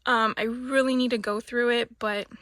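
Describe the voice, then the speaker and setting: Woman in her forties, bright higher pitch, chatty, self-deprecating, dry close sound; home crafter vlog tour. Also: steady tone, moderate pace, no echo. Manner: chatty, laughs often, self-deprecating asides. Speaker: craft business owner giving a room tour.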